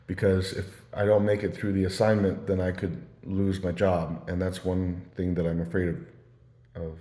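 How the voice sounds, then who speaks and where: A man's voice: low-pitched, little pitch movement, moderate pace, warm tone. A man telling stories in a casual, meandering ramble, full of fillers and restarts. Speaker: vlogger. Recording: roomy echo.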